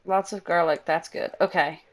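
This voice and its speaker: A young woman streaming live, chatting excitedly and telling stories while she plays a game. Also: on the low side, normal speed. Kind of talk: casual gaming stream chat.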